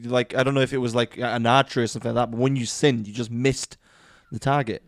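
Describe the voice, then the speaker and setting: A man's voice: mid-range voice, fairly even intonation, fast, no room sound. A man co-hosting a casual podcast, dropping dry quips and bits of trivia. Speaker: podcast co-host.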